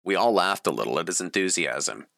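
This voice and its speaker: A man's voice: deep voice, expressive, fairly quick, creaky, a bit bright, no room sound, clean studio sound. A man reading his own story aloud in a plain, matter-of-fact way. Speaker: memoir reader.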